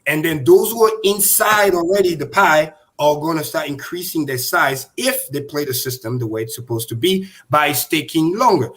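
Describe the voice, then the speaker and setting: A man's voice: on the high side, normal speed, hardly any pauses, fairly bright tone. A man hosting a crypto livestream, explaining emphatically and repeating key points. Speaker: host.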